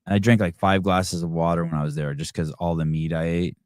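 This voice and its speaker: A man's voice: deep voice, fairly even intonation, fairly quick, dry recording, clean studio sound. A man hosting a podcast in casual chat, rambling and profane, often restarting his sentences. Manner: many restarts and fillers. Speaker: podcast host.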